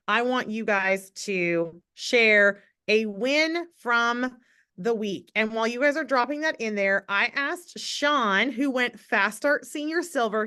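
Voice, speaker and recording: A woman hosting a team video call, bubbly and encouraging, shifting between quick and slow speech. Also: a little high, sharp tone, clean tone.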